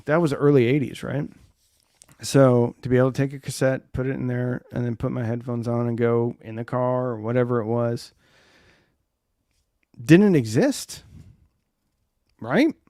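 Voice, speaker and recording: A man's voice: medium pitch, dark tone, dry recording, clean studio sound. Man rambling on a live chat. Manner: rambling, reads viewer comments aloud. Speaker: live stream host.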